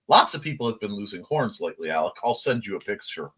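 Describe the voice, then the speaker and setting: Lively man hosting a casual stream. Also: fairly low pitch, fairly quick, few pauses, slightly rough. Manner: reads viewer chat comments aloud, laughing along. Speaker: host. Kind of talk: casual livestream morning chat.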